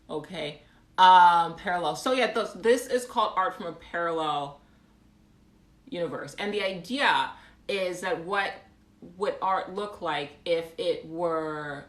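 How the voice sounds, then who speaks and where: A woman's voice: on the low side, a bit bright. A woman painter chatting on a live phone stream, rambling casually with lots of ums and reading viewer comments aloud. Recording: echoey room.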